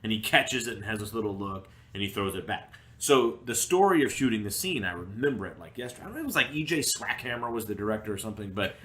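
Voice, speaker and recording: A man's voice: fairly low pitch, lively intonation, quick pace, few pauses, fairly bright tone. A man co-hosting a podcast, telling a story in casual chat, acting out the people he quotes and laughing often. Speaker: podcast co-host. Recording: roomy echo.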